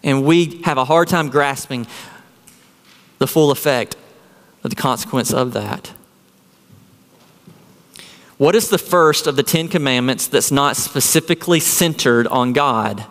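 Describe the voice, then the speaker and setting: A man's voice: mid-range voice, measured pace, pauses often, fairly bright tone, in a large hall. A man preaching a sermon as a pastor, earnest and full of rhetorical questions.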